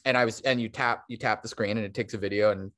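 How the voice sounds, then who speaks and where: A man's voice: fairly low pitch, steady tone, fast talker, fairly bright tone. Chatty, long-winded male animator guest. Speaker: stop motion animator, podcast guest. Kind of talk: casual interview chat.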